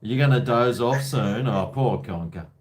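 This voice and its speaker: A man's voice: medium pitch, a little slow, a little mellow. A man hosting a casual call-in live stream, rambling and tipsy between shots. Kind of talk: casual chat with callers.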